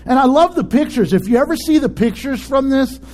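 Male pastor, sermon; high voice that swoops all over, animated and playful, laughs often. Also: brisk.

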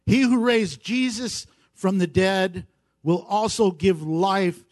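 A pastor delivers a sermon to his congregation in a notably high, light voice. He builds emphasis with repeated phrases and slips in playful jokes along the way. The sound is close and dry, with no room echo. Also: takes it slowly. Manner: preaching with rising emphasis and playful asides. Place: church service.

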